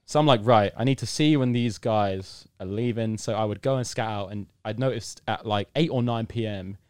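A man's voice: lowish voice, moderate pace, clear, resonant tone, no echo, clean studio sound. A young man from the United Kingdom, telling a long story in a casual interview and acting out the people in it. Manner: animated storyteller, acts out quotes, bursts into loud excitement. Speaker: podcast guest.

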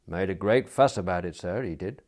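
Guy doing a stiff cloakroom attendant, quiet, low and a bit cold. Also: normal speed. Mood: cool. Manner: subdued, coolly deferential. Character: stiff, disapproving male club cloakroom attendant.

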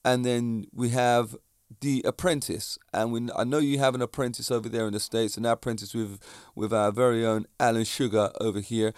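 A man's voice: mid-range voice, little pitch movement, moderate pace, clear, resonant tone, no echo, studio quality. A man, a fitness instructor giving a chatty, digressive monologue that speaks straight to the viewers. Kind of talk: casual monologue to camera.

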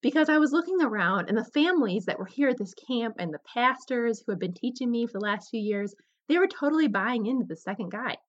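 A young adult woman hosting a podcast, telling a personal story in an animated, candid way. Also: on the high side, a little fast. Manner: animated, candid, slips into quoted voices. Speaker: podcast host. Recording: slightly dull lo-fi recording.

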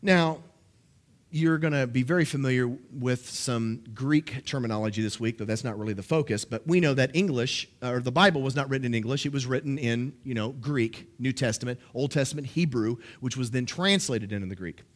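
A man's voice: medium pitch, brisk. A man preaching a sermon, teaching emphatically and checking in with his listeners.

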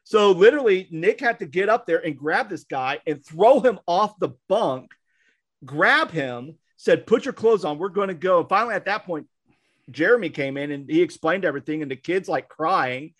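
A man's voice: sits high, animated, moderate pace, a bit bright. A man, co-hosting a casual podcast and telling a long story with acted-out quotes and frequent restarts. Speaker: podcast co-host, minister.

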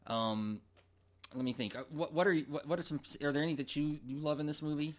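A man's voice: fairly high pitch, fast talker. A man co-hosting a movie podcast in casual chat. He talks enthusiastically and repeats words as he gathers his thoughts. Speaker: podcast co-host.

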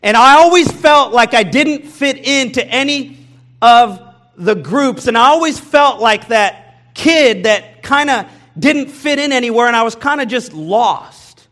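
High-voiced male pastor preaching. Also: expressive, a little slow, fairly bright tone. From American Midwest. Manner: candid, self-deprecating, speaks directly to the congregation. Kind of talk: personal storytelling sermon.

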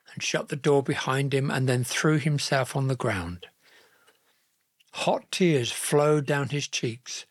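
A man narrating a Bible story in a slow, gentle, earnest reading style. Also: mid-range voice, no room sound, clean studio sound.

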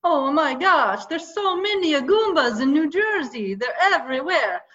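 A woman's voice: high-pitched, lively intonation, measured pace, fairly bright tone, muffled recording. A woman voicing a bold, overdramatic lovesick man from New Jersey.

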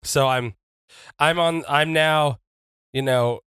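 A man playing a tabletop wrestling role-playing game, animated and often laughing. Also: fairly high pitch, slow pace, clean tone, no echo, clean studio sound. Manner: animated, laughing, shouts in character. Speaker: player.

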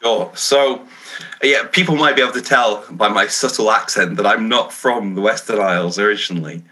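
A man's voice: lowish voice, normal speed, sharp tone, poor audio. A man raised in England, a Presbyterian minister, answering interview questions in an earnest, reflective and self-deprecating way. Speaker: Free Church minister.

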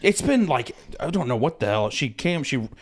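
A man guesting on his mother's podcast, teasing her with sarcastic, deadpan jokes. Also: medium pitch, normal speed. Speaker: podcast guest, online animator. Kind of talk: casual podcast banter.

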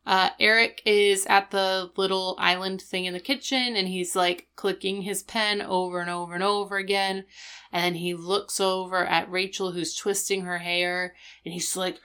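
A woman's voice: medium pitch, little pitch movement, moderate pace, pushed and bright, clear, resonant tone. A young woman co-hosting a podcast, recapping a TV episode in casual chat and acting out the characters' lines. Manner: chatty, with many fillers like "like" and "um". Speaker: podcast co-host.

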